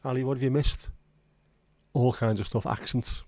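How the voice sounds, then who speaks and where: A man's voice: mid-range voice, steady tone, moderate pace, darkish tone, no echo. A man hosting a casual livestream chat, rambling and reading out viewer comments. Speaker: livestream host.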